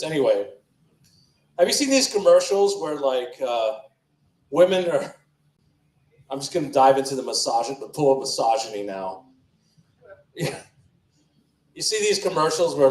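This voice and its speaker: In an echoey comedy club, a man's medium-pitched, somewhat dark voice carries a rambling, crude open-mic routine. He frequently interrupts himself before finishing a sentence.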